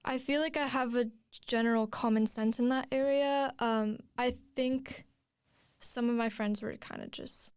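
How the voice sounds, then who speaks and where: A young woman talks through her story as a podcast guest, rambling and restarting with plenty of fillers. Her voice sits a little high and sounds smooth and clear. The recording is close and dry, with no room sound. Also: steady tone, a little slow, no echo. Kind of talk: casual chat.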